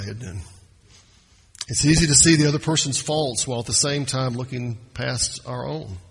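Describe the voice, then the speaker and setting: A man preaching a sermon as pastor, swinging his pitch and loudness and slowing down to stress points. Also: slightly rough.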